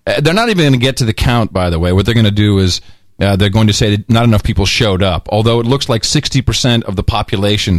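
A man's voice: fairly low pitch, no room sound. A man co-hosting a podcast in casual chat, rambling with many fillers and chuckles. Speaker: podcast co-host.

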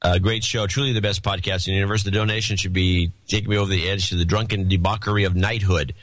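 Bright-voiced joking man. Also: low voice, level tone, fast talker, no room sound. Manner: joking, reads listener donation notes aloud. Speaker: podcast co-host. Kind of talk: casual podcast chat.

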